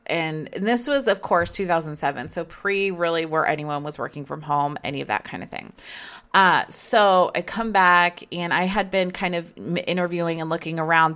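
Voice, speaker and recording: Low-voiced woman in her 30s just chatting through a story, lively and animated. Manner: chatty, animated retelling with acted-out quotes. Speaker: storyteller recounting her career. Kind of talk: casual personal storytelling. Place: Las Vegas area.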